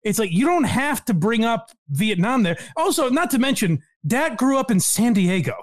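A man co-hosting a casual comedy podcast, talking in an animated way, laughing often and quoting people in voices. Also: very high voice, moderate pace. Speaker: podcast co-host.

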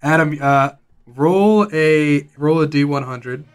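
A man's voice: fairly high pitch, slow pace, clear, resonant tone. A man narrating as game master for a tabletop game, in a casual, hesitant way.

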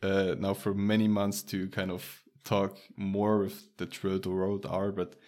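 A man's voice: deep voice, completely flat delivery, a little slow, a little mellow. A man with a light Romanian accent, a native Romanian speaker, chatting casually with a friend, laughing often and restarting his sentences. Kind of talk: casual chat.

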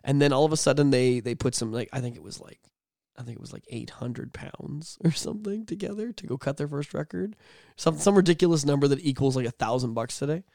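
A man's voice: mid-range voice, expressive, brisk, creaky, darkish tone, no room sound, studio quality. A man telling a story on a casual podcast, rambling and profane, laughing now and then. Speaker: podcast co-host.

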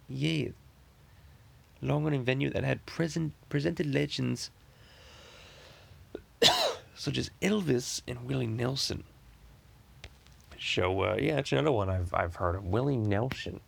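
A man in his thirties talks casually on a podcast with a heavily gravelly, fry-laden voice at a middling pitch. He rambles, swears freely and restarts his sentences often. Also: measured pace, pauses often, fairly bright tone. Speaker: podcast host.

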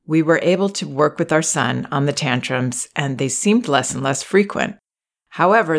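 A woman hosting an advice podcast, reading a listener's letter aloud and then explaining in a measured, gentle way. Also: very deep voice. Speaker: podcast host and parenting advisor.

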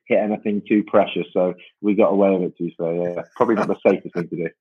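A man's voice: sits low, fairly even intonation, quick pace, slightly rough. A man from the United Kingdom, a rugby player guest, answering interview questions casually and modestly. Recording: dull lo-fi remote line.

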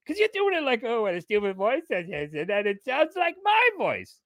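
A man's voice: sits high, wildly swooping pitch, normal speed, a bit bright, no echo, clean studio sound, voice pushed up, exaggerated voice. A man voicing a touchy, indignant tough guy with a put-on New York or Boston accent who stammers and rambles. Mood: aggrieved. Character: touchy adult man angry about being mocked. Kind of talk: improvised comedy bit.

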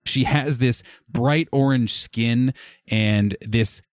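A man's voice: mid-range voice, takes it slowly, no echo, clean studio sound. Laid-back man narrating as game master. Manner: relaxed, descriptive, with fillers.

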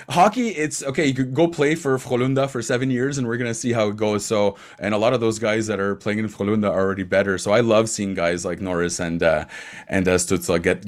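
A man in casual sports chat about hockey, animated, laughing often, with quick asides. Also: on the low side. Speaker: hockey commentator.

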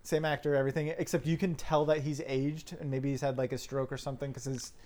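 A man co-hosting a podcast, chatting casually about movies and rambling through plot details in low asides. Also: level tone, fast talker, darkish tone. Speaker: podcast co-host. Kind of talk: casual movie review chat.

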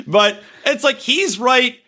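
Bright, high-voiced joking man. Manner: crude, joking, mocking, does silly voices. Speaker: podcast co-host. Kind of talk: casual chat.

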